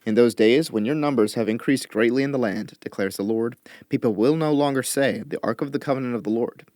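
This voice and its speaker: A man reading scripture aloud in a measured, expressive way, lifting his voice for quoted lines. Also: mid-range voice, dry recording, studio quality. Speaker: Bible reader.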